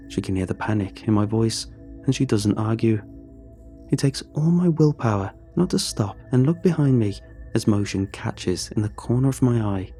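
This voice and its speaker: A man narrating a first-person horror story in a measured, tense, scripted way. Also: fairly low pitch, expressive, dark tone, soft background music.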